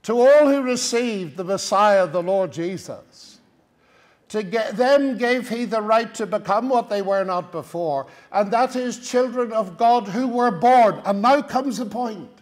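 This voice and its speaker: An Irish man gives a Bible teaching talk in a fairly high voice. He speaks slowly and deliberately and often turns to his listeners with rhetorical tag questions. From Ireland.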